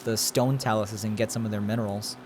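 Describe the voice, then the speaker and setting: A man streams a video game and thinks aloud in casual, rambling commentary, chatting with his viewers. His lowish voice is steady and brisk, against a noisy background.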